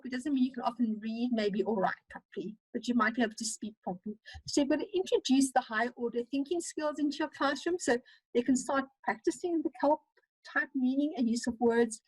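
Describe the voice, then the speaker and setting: South African female lecturer, higher voice, rapid animated online teaching. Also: husky, no echo, low-quality recording. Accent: South African English. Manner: fast-talking, animated, with many fillers. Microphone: computer mic on a video call.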